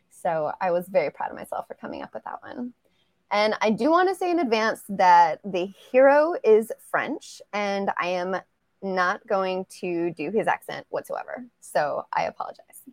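A woman's voice: mid-range voice, no room sound. A woman reads a chapter of her own romance novel aloud over a video call. She is casual and laughs easily. Her voice sits in a middle register, and the sound is close and dry. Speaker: romance author, guest.

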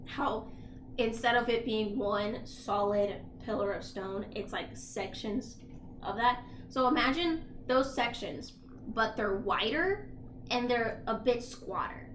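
Casual podcast co-host, woman, high voice, rambling, roomy echo and faint hiss. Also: slow, a bit bright. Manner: rambling, lots of likes and ums. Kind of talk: casual chat, retelling a story. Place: apartment.

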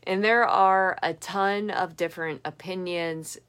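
A young adult woman giving an earnest, emphatic devotional reflection that speeds up and slows down. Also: on the low side, fairly even intonation, a bit bright, clean tone. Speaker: devotional podcaster.

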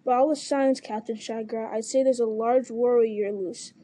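A woman's voice: a little high, fairly even intonation, moderate pace, mellow, natural voice. A woman voicing a mocking, suspicious male orc captain who sneers and jeers at his rival in an audiobook reading.

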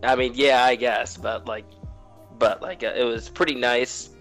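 A man chatting loosely on a gaming podcast, his thoughts spilling out in long, meandering runs packed with fillers and curse words. His voice sits at an ordinary middle pitch over a call connection. Soft music plays faintly underneath. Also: steady tone, a little slow. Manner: rambling, heavy on fillers and swearing. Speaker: podcast co-host. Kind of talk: casual gaming chat.

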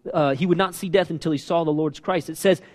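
A man preaching a sermon as pastor, animated and asking his listeners questions. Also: fairly high pitch, fast talker. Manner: animated, asks the congregation questions. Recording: long reverb of a hall.

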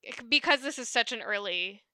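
Woman co-host, higher bright voice, emphatic, casual podcast banter. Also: expressive, a little fast, no echo. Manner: emphatic, repeats phrases. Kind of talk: casual chat.

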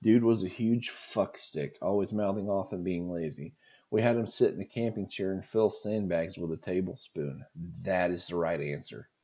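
Low mellow man reading stories. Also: moderate pace, dull audio. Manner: amused, laughs and reacts between stories. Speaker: podcast host reading listener stories. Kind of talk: reading stories aloud with reactions.

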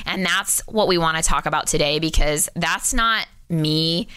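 A woman co-hosting a casual podcast, chatty and upbeat. Her voice sits low but sounds bright, smooth and clean. The recording is close and dry. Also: a little slow, no room sound. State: a little under the weather. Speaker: podcast co-host, mortgage broker.

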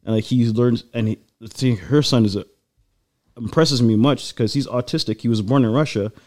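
A man in casual chat, telling a long personal story in a rambling, animated way with lots of fillers. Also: mid-range voice, moderate pace. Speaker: guest.

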